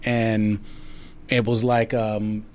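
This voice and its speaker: Very slow and completely flat in delivery, this actor guest speaks in a low-leaning, slightly mellow, clean-toned voice. In a casual interview about his acting career, he rambles through stories with many fillers and restarts.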